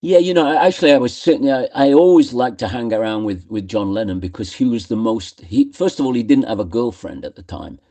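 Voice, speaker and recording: A man's voice: mid-range voice, lively intonation, brisk, few pauses, dark tone. Older man telling chatty anecdotes. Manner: chatty anecdotal storyteller, acts out quotes. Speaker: guest musician. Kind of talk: radio interview storytelling. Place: radio studio.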